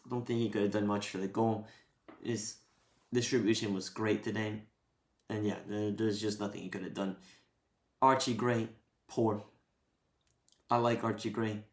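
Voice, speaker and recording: A man's voice: fairly low pitch, darkish tone, reverberant. A man giving a blunt, exasperated post-match rant as a football fan podcaster, swearing and venting.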